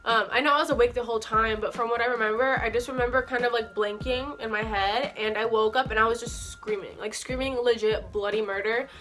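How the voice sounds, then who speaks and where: A woman's voice: on the high side, fairly even intonation, brisk, few pauses, fairly bright tone. A young woman telling a personal story for her vlog, swearing often and packing her speech with "like", in a heated and indignant way. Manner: heavy swearing, frequent "like" fillers. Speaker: vlogger. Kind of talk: storytime monologue. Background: faint background music.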